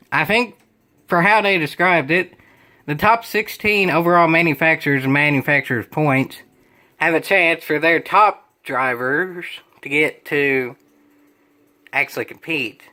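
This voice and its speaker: Young man, somewhat high voice, sarcastic, rambling commentary on a web page. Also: unhurried, sharp tone. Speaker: gaming video creator.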